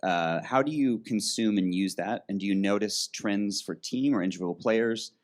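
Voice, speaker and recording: Brief: male audience member, low voice, halting question full of restarts and "like". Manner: halting, restarts, many "like" fillers. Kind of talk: casual question.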